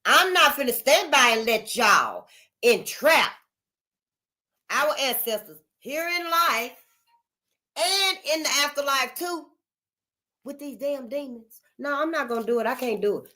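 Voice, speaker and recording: A woman's voice: high-pitched, expressive, measured pace, pushed and bright. An older woman hosting her channel in a casual, unscripted monologue, emphatic and repetitive, calling her listeners honey. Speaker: channel host.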